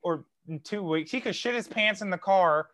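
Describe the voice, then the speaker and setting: High, bright excitable man. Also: normal speed. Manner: excitable, swears freely, exasperated. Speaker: podcast co-host. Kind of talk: casual chat.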